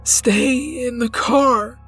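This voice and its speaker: A man's voice: very high voice, fairly even intonation, drawn-out words, pushed and bright, breathy edge, soft background music, voice pushed up, full character voice. A man voicing a rural stranger, first urgent and helpful, then strained and crying out in pain. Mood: agonized.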